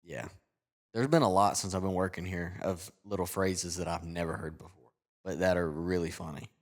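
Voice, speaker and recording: A man's voice: low-pitched, steady tone, normal speed. A young man in his twenties with a Southern US accent, an easygoing guest chatting casually on a podcast. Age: 20s. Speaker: podcast guest, team member.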